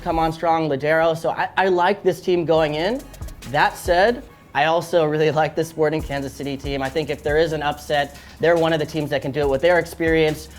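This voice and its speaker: A man in his thirties, a former player turned co-host, breaking down matches in a relaxed, joking studio chat. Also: on the high side. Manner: relaxed, joking, speaks in loose bursts with fillers. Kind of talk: casual sports chat.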